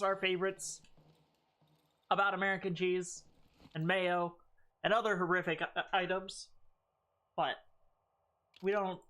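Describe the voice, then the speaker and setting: A woman's voice: medium pitch, fairly bright tone. A woman streaming a game, chatting casually with a playful, sarcastic manner and loose swearing. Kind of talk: casual gaming stream chat.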